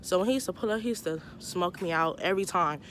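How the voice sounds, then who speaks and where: A woman's voice: on the low side, fast talker, fairly bright tone, a little hiss or hum. A young woman tells a casual storytime, animatedly acting out both sides of the dialogue. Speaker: vlogger telling a personal story.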